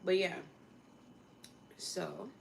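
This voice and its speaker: A woman's voice: fairly low pitch, steady tone, very slow, gravelly. A young woman chats easily on a livestream, answering viewer comments between tasks in her kitchen. She laughs often and keeps the talk loose and friendly. A faint hum of room noise sits behind her voice. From United States. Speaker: livestream host. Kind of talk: casual livestream chat.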